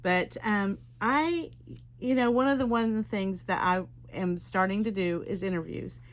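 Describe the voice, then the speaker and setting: A woman's voice: medium pitch, moderate pace. Woman host, casual interview, meandering restart-heavy delivery. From Oklahoma. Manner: rambling, many restarts and fillers.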